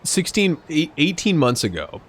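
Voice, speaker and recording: Slightly drunk and chatting on stream as he plays, the young man rambles, curses and laughs constantly. His voice runs on the high side, a bit rough, with a sing-song lilt at normal speed.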